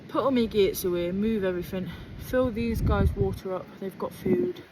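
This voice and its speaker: A woman's voice: mid-range voice, expressive, normal speed, very noisy. A woman, a sheep farmer, chatting casually with lots of ums while doing her chores outdoors. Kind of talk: casual farm vlog chat. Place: outdoors on a farm.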